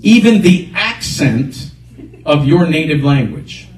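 A man pastor preaching a sermon in a church, animated, often calling out praise. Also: on the high side, takes it slowly, roomy sound, recorded from a distance, rough recording. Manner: animated, repeats exhortations.

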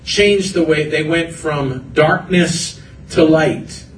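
A fairly high-voiced man preaches an earnest sermon, building his points through repeated phrases. He is picked up from some distance in a roomy, echoing hall, with a faint rumble underneath. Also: slow pace. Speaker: pastor. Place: church hall.

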